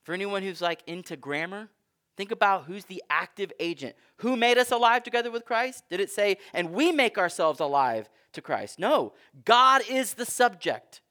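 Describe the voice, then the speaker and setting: A man's voice: sits high, animated, normal speed, pushed and bright. Emphatic man preaching a sermon. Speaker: pastor.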